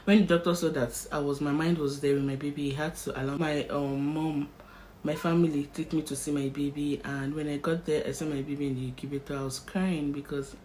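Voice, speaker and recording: A woman's voice: low-pitched, a little fast, slight background noise, low-quality recording. A young Nigerian woman vlogger vividly telling a personal story and acting out its scenes. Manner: animated, vivid storyteller who acts out scenes. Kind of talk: emotional story-time narration.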